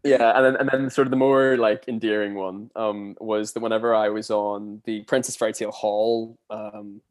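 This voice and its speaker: With a lowish voice at a moderate pace, a man in his twenties appears as a podcast guest. He once worked as a theme park cast member and rambles through casual anecdotes, chatty and animated when telling stories.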